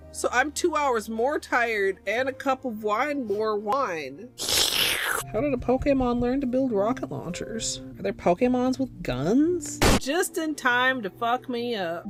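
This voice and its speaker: A woman streaming a game, rambling through settings and crude, silly asides to chat. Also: fairly high pitch. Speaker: gaming streamer. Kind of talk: casual livestream chat.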